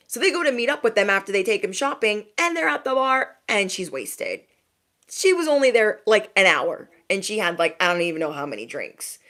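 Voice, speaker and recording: A young woman tarot reader telling a story in casual chat, animated and slangy. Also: fairly low pitch.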